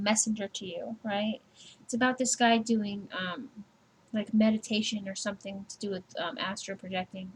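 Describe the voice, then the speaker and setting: A woman's voice: mid-range voice, a little hiss or hum, low-quality recording. A woman giving a casual personal tarot reading, chatty and laughing, swearing freely and acting out little scenes. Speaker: tarot reader.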